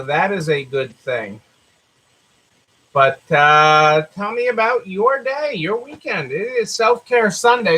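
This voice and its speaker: A man's voice: a little high, pushed and bright, rough recording. A man with a Southern American accent hosting a live stream, talking casually, repeating phrases, with many fillers. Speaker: host.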